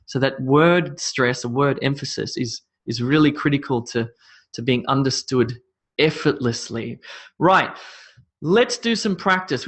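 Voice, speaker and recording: Man, pronunciation teacher, slightly high voice, repeats drill words, self-mocking. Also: fairly bright tone. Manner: drills words with shifting stress, laughs at own slips. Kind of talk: spoken English lesson.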